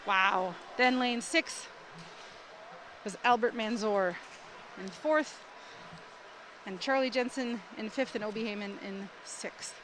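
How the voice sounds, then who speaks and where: A woman doing live commentary at a swim meet in an indoor pool, excitable and rising to shouts at close finishes. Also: medium pitch, slow pace, pauses often. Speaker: sports commentator. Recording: noisy poolside ambience.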